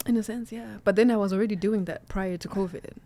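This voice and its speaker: A young adult woman chatting as a podcast guest, telling stories in a lively, easygoing way and laughing easily. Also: mid-range voice, quick pace. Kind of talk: casual podcast chat.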